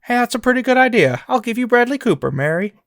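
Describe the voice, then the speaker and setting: A man doing an impression of George Bailey, an earnest young man eagerly courting, with a raised, excited, rambling delivery. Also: very high-pitched, fast, creaky, no echo, studio quality, voice pushed up, full character voice. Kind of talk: comic movie impression.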